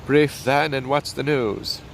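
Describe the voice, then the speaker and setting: Bold blunt nobleman, read by a man, unhurried, faint outdoor hum. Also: mid-range voice, steady tone, gravelly, low-quality recording.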